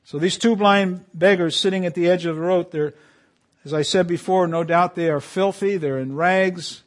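A man preaching a sermon to his congregation, quoting scripture with emphatic swells and quiet drops. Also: fairly high pitch. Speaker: pastor.

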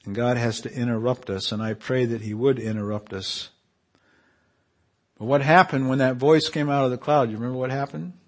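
A man preaching a sermon in an animated way, often repeating and restarting phrases and building to loud, emphatic peaks. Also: mid-range voice.

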